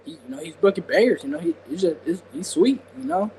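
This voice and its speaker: A man's voice: on the high side, sing-song, quick pace, darkish tone, slight background noise, rough recording. A man putting on an impression of a laid-back older male wrestler, drawling and repeating "you know" over and over.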